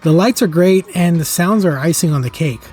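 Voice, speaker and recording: A man's voice: fairly high pitch, normal speed, a little mellow, soft background music. A middle-aged man hosting a toy review channel, narrating from a script in an enthusiastic, nostalgic, earnest way.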